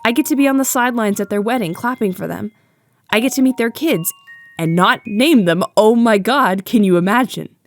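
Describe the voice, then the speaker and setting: Young woman, higher pitch, sincere and thoughtful narration with a joking edge. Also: normal speed, soft background music. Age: young adult. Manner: earnest and reflective, with playful asides. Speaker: YouTube video essayist. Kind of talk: scripted narration.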